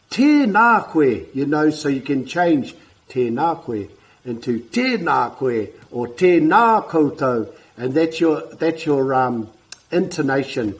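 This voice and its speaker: A man, coaching te reo learners in a casual talk to camera, repeating words slowly and clearly. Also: fairly high pitch, rough recording. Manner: warm, encouraging, repeats words slowly for pronunciation.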